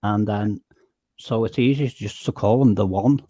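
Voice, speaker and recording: A man's voice: lowish voice, moderate pace, warm tone, dry recording. A man in his fifties chatting casually in a group voice call, rambling and joking about himself. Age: 50s. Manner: rambling, joking, self-deprecating. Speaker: chat participant.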